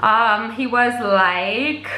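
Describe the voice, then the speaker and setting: Woman, bright clear tone, slightly high voice, gushing chatty storytelling, roomy echo. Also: extremely slow. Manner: gushing, chatty, filler-heavy retelling. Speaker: vlogger recounting a concert. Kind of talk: casual storytelling to camera.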